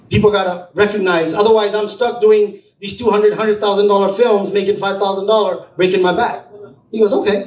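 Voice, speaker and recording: Man, high voice, storytelling talk, acts out quoted dialogue, distant mic, echoey room. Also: a little hiss or hum. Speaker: entrepreneur speaking at a brunch event. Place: event room with an audience. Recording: roomy, distant mic, faint ambience.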